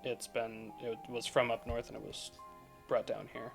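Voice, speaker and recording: A man guides a tabletop game as its game master. He talks in a relaxed, halting way and restarts often. Faint music plays behind his mid-range voice. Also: mid-range voice, creaky. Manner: hesitant, many ums and restarts.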